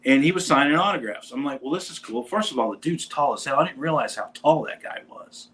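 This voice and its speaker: Speaking a little fast in a mid-range voice, a musician on a talk show shares a casual story. He's animated throughout, performing the quoted lines as if playing each person.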